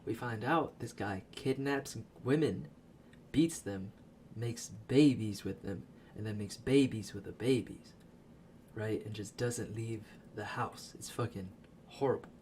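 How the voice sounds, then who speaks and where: Profane, animated man recapping a movie. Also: mid-range voice, unhurried, slight background noise. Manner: profane, animated storytelling with laughs. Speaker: video creator. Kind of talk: casual movie recap voice-over.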